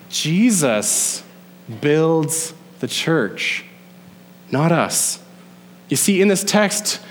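A young man preaching a sermon as a pastor, in a conversational style that slows down to stretch key words. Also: mid-range voice. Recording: long hall reverb.

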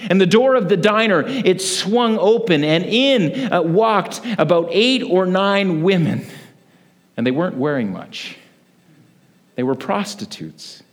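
A man delivers a sermon as a pastor, his voice sitting a little high. He slides into storytelling, acting out the people in it. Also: a little slow. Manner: lively storyteller, acts out quoted voices.

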